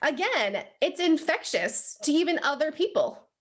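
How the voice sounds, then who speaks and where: A young woman giving a motivational training talk to a live group, animated and chatty, full of "like" and "right?". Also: high voice, normal speed. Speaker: sales team trainer. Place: room with a live audience.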